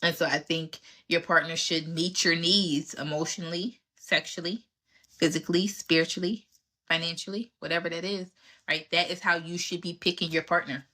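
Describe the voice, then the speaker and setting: A woman in her thirties talking through relationship advice in a casual, candid way. Her voice is bright and forceful, pitched a little low for a woman, and she is emphatic as she acts out old conversations with men she dated. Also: steady tone, normal speed. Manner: candid and emphatic, acts out exchanges with past dates. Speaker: podcast host answering relationship questions.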